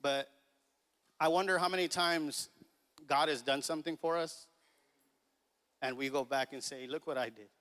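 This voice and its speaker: A man's voice: a little high, fairly even intonation, measured pace, long pauses, a bit bright, smooth. A man in his thirties preaching a sermon, telling a family story in a casual, chuckling way and acting out the dialogue. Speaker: pastor. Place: church sanctuary. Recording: long reverb of a church hall.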